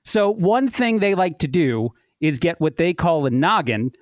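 A man's voice: fairly high pitch, big pitch swings, unhurried, no room sound, studio quality. A man in his thirties, a podcast guest, telling a long personal story in a chatty way and laughing at his own tale. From United States. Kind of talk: casual storytelling.

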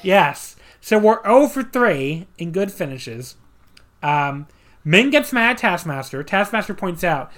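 A podcast host chatting casually through a wrestling match recap, full of sarcastic asides and filler words. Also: male voice, a little high, sing-song, normal speed, fairly bright tone. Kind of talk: casual wrestling review chat.

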